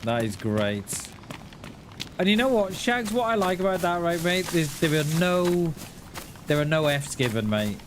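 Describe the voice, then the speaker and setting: A man talks to his viewers during a live game stream, slow and unhurried, his voice sitting a little high. He laughs often and keeps calling people mate. Clear noise runs behind him. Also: big pitch swings. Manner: laughing, chatty, addresses chat as mate. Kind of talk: live gameplay stream chat.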